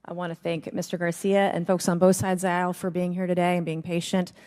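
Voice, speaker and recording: A woman, the committee chairwoman, running a formal hearing in a brisk, procedural way. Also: fairly low pitch, flat delivery, a little mellow.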